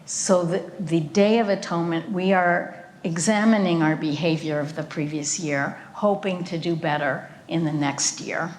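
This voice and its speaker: An older woman, a cellist and guest speaker, telling a personal story with slides at a remembrance event, unhurried and earnest with occasional fillers. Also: fairly low pitch, darkish tone, a little hiss or hum. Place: event venue.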